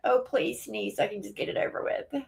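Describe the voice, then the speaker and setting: A woman's voice: a little high, fairly quick, vocal fry. A woman streamer chatting casually and reacting, often laughing. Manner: chatty, giggly, conversational.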